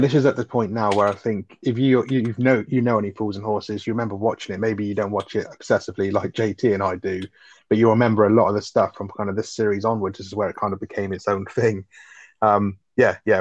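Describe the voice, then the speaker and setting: A man's voice: fairly low pitch, level tone, fast, no echo, dull audio. A man, co-hosting a casual podcast chat, enthusiastic and swearing, with plenty of fillers. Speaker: podcast co-host.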